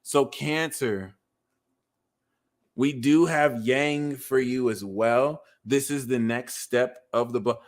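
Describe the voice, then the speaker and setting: On a casual livestream, a man reads tarot and astrology at a slow pace in a medium-pitched voice. He is excitable and foul-mouthed, ribbing his viewers and swinging into loud outbursts.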